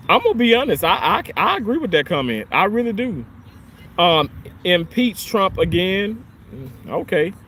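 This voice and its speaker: A man with a high voice talks outdoors in a park, answering viewer comments on a livestream. His delivery is animated and rambling. Faint outdoor noise sits behind him. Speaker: livestream host reading chat. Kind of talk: casual livestream chat.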